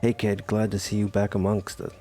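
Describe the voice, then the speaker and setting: A man's voice: fairly low pitch, flat delivery, brisk, darkish tone, soft background music, natural voice. A man reading out the lines of a lazy, foul-mouthed mercenary companion who sounds bored. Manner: bored, swearing.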